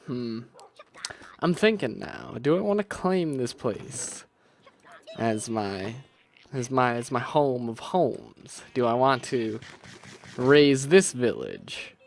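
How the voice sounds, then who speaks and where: A young man narrates his own gameplay in a loose, rambling way, thinking aloud and restarting his sentences often. His voice rises and falls with a lot of melody, and he talks at an unhurried, slow pace. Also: mid-range voice, gravelly, a little hiss or hum. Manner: rambling, self-talking, musing aloud with restarts. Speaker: gaming video creator. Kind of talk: casual gameplay commentary.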